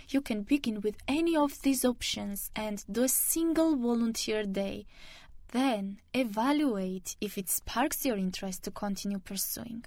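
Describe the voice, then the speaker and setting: A woman's voice: medium pitch, no echo. Woman reading a radio segment, dry. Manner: steady, measured reading of lists. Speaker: radio show host. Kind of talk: scripted radio presentation.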